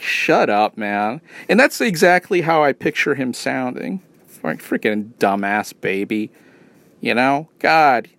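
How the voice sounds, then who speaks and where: A man's voice: mid-range voice, sing-song, unhurried, gravelly, a bit bright, dry recording. Casual guy rant, profane, rambly, sarcastic, dry close sound.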